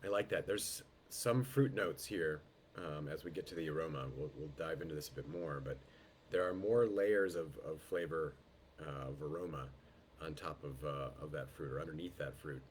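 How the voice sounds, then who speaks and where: Male tasting host on a video call, low and throaty from a head cold, slow and descriptive, faint background noise. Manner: unhurried, descriptive, greets guests by name. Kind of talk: live online wine tasting.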